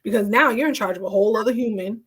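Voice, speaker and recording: A woman's voice: on the high side, very fast, slightly rough. Supportive young woman hosting a podcast. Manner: supportive, affirming, frequent back-channel. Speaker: podcast host. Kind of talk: casual chat.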